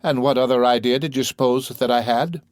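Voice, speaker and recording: A man's voice: mid-range voice, steady tone, brisk, dry recording, clean studio sound, natural voice. A man reading the lines of a proud, fierce young female street dancer in a curt, plain voice. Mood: curt, guarded.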